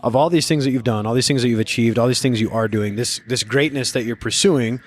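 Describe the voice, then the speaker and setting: A young adult man hosting a podcast, chatting casually and eagerly with slang and lots of quick agreement. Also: medium pitch. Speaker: podcast host. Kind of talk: casual interview chat.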